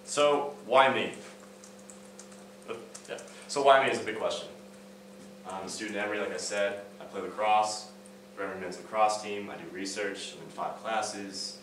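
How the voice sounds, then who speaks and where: A man's voice: fairly low pitch, moderate pace, fairly bright tone, slight background noise. A young man, a student, giving a casual, story-driven talk on stage with many fillers and restarts. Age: young adult. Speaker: student speaker. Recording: echoey hall, mic at a distance.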